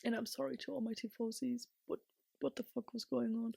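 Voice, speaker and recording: A young woman vlogger chatting casually and excitably, rambling, laughing often and swinging from whispers to shouts. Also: on the high side, normal speed, gravelly, no room sound, studio quality.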